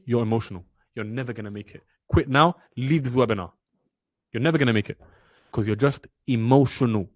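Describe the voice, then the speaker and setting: A man's voice: fairly high pitch, a little mellow, no room sound. A young man teaching a trading webinar. He is blunt and preachy, speaks with passion and repeats lines for emphasis. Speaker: trading mentor. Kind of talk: motivational webinar lecture.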